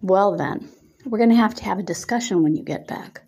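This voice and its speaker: A woman's voice: medium pitch, fairly quick, a little mellow, breathy edge. A woman doing a bubbly, bossy college girl. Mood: teasing. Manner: cooing, teasing, cheery.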